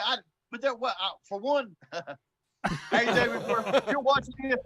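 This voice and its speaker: A man's voice: very high voice, unhurried, fairly bright tone, a little hiss or hum, low-quality recording. A man, a show guest telling a story in a casual, blunt way and laughing often as he goes. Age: 40s. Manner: blunt, swears freely.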